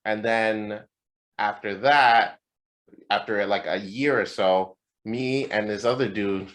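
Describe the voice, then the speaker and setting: A man co-hosting a podcast, telling a story in a casual, animated and profane way. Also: lowish voice, slow. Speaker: podcast co-host. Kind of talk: casual chat.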